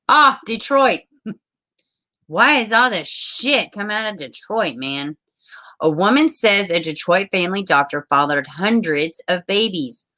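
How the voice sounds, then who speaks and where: Woman, live streamer, casual rambling, bright tone, swears, lowish pitch. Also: expressive, a little slow. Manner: swearing, chatty, trails off.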